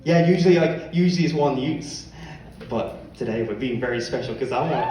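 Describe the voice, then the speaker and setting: A man's voice: mid-range voice, lively intonation, brisk, dark tone. A man hosting a live stage game as game master, playful and often laughing. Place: stage before a live audience. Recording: echoey hall, far mic, crowd.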